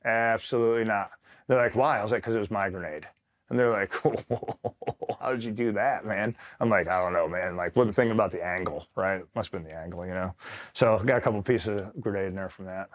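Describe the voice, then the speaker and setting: A middle-aged man from upstate New York tells his war stories in an easy, conversational way, with a voice that sits a little low. He swears freely and acts out what people said, often laughing as he does. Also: fast talker. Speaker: retired Marine telling war stories. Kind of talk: casual storytelling interview.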